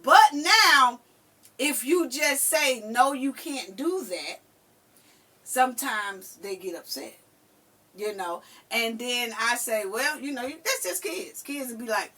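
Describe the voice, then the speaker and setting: An older woman hosting a casual chat, telling stories in an animated way and acting out what people said. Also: on the high side, takes it slowly, recorded from a distance. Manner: animated storyteller who acts out quotes. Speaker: podcast host.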